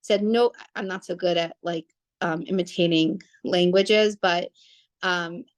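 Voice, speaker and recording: A woman's voice: on the low side, fairly even intonation, unhurried. A young woman telling a family story casually, rambling with restarts and fillers.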